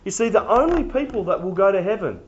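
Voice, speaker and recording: A man's voice: high voice, expressive, fast. A man preaching a sermon in an emphatic, conversational way. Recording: echoey, dull room recording.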